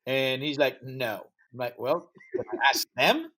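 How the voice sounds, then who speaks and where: A man with a medium-pitched voice speaks a little slowly, telling a story as a podcast guest in English, which isn't his first language. He's the founder of a music festival and acts out the dialogue vividly.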